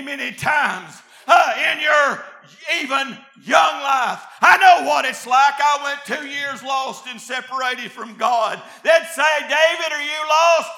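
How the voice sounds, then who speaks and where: A man preaching a revival sermon, often shouting, then dropping to quiet asides, with many filler "uh"s. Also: extremely high pitch, vocal fry, reverberant.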